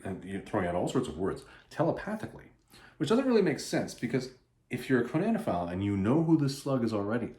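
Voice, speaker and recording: A man casually recapping a comic book, animated and rambling, often restarting his sentences. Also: mid-range voice. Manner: animated, rambling, self-interrupting. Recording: roomy echo.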